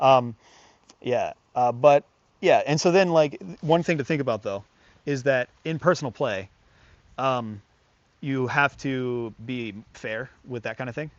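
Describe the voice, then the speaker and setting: A man explains dog play in a relaxed, rambling way, stacking fillers and asides as he talks to the family. He breaks into quick bursts of praise and firm commands to the dog. The sound is slightly dull and lo-fi, with a dog audible nearby. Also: medium pitch, no room sound. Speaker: dog trainer. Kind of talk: casual hands-on lesson.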